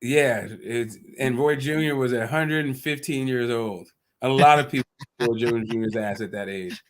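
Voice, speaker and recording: A man's voice: mid-range voice, normal speed. A man hosting a casual livestream chat about boxing, joking and swearing freely. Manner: joking, loose and profane. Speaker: podcast host.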